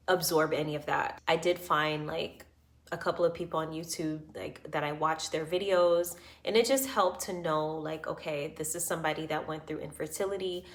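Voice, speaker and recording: A woman in her thirties with a low voice tells her birth story to camera. She speaks earnestly and reassuringly, with many fillers, and her voice is close to tears.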